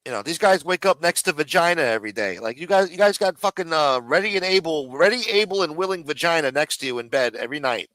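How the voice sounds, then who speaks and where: A man's voice: fairly high pitch, lively intonation, fast talker, few pauses, fairly bright tone, no echo, low-quality recording. A man hosting a live stream, ranting and mocking in casual, profanity-heavy talk. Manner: profane, mocking, rambling rant.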